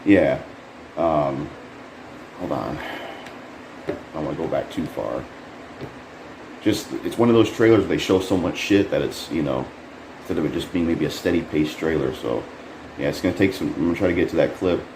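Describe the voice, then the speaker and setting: Man, very low voice, loose profane trailer rant, echoey room with a faint hum. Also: expressive, normal speed, long pauses, a little mellow. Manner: frustrated, rambling, swears a lot, bursts up in pitch when incredulous. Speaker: YouTuber reviewing a trailer. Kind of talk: casual profane commentary.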